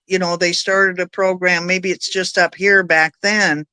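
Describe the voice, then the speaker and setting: Woman guest, chatty and anecdotal, bright forceful tone, dry close sound. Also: on the low side, steady tone, a little slow, clear, resonant tone, dry recording. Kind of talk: casual chat.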